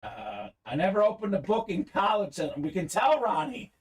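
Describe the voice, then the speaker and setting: A man's voice: high voice, very animated, normal speed. A young man hosting a live card-break stream, chatting casually and reading viewer comments aloud.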